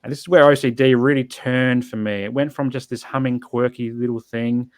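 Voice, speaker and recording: A man's voice: mid-range voice, fairly even intonation, brisk, dry recording. A man telling his personal story as a podcast guest, earnest and reflective, often restarting his sentences.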